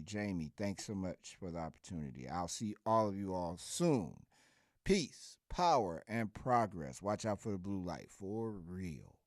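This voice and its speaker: Giddy, animated middle-aged radio host. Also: male voice, deep voice, no echo, studio quality. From Chicago. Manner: laughing often, giddy and animated. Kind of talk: casual radio sign-off.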